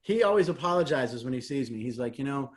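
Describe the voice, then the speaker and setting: A middle-aged man telling stories in a casual interview, animated and laughing often as he acts out what people said. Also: medium pitch, fast. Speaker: guest, comedian and game show host.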